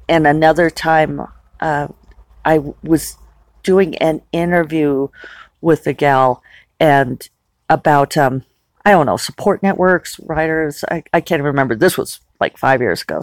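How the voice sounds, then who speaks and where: A woman's voice: low-pitched, darkish tone, dry recording. Woman podcast host just talking, candid and chatty, lots of restarts, dead dry mic. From Western United States. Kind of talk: casual personal monologue.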